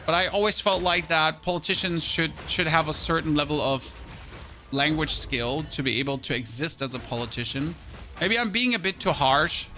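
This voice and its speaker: This game streamer from Germany, German accent and all, chats casually with viewers as he plays, self-mocking and prone to quick exclamations. His sharp-toned voice sits on the high side, and faint music plays in the background.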